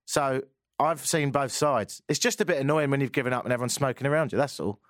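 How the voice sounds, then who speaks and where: A man hosting a radio talk show, reading listener texts with wry, animated commentary. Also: medium pitch, fast, no room sound, studio quality. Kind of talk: casual radio call-in chat.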